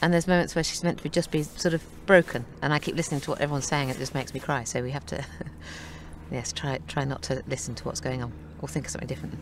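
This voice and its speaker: A woman's voice: very deep voice, steady tone, quick pace, slight background noise. A woman speaking as an actress in a press interview about her film, chatty and good-humored. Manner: chatty and good-humored, often breaking into laughter.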